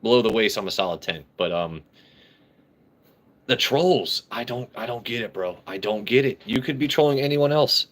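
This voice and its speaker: A man's voice: mid-range voice, moderate pace, a bit bright. A man hosting a casual live stream, reading comments aloud, joking brashly and swearing freely. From United States. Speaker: livestream host.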